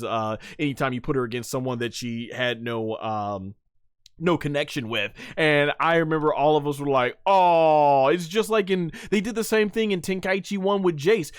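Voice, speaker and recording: A man in his thirties giving excited, rambling commentary on a live stream, full of fillers and restarts. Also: fairly high pitch, clear, resonant tone, no room sound, studio quality. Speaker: gaming streamer.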